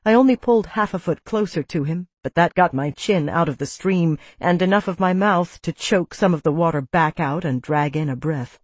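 A woman's voice: lowish voice, moderate pace, few pauses, dry recording. A woman reading a first-person audiobook with tense, vivid storytelling. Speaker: narrator.

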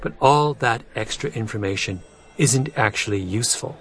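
A man reading a nonfiction audiobook in a measured way, letting his pitch fall low at the end of phrases. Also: a bit bright, soft background music. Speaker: narrator. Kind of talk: scripted nonfiction audiobook narration.

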